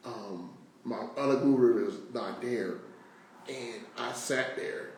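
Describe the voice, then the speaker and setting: A male host chats emotionally and rambles through many fillers and restarts. His voice is mid-pitched and sits far from the mic. Heavy echo surrounds every word. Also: takes it slowly, a little mellow. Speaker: show host. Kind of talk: casual interview chat. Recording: very echoey room, voice far from mic.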